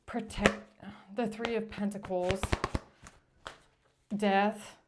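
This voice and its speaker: A woman's voice: mid-range voice, fairly even intonation, very slow, very noisy. A woman giving a tarot reading in a blunt, emphatic way, cursing when she gets frustrated. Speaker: tarot reader.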